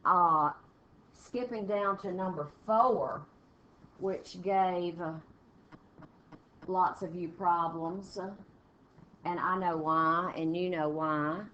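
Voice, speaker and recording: A woman English teacher with a lowish, steady, slightly bright voice takes her class step by step through punctuation questions for a test, reading sample sentences aloud with pauses. The classroom recording is dull and lo-fi with faint noise.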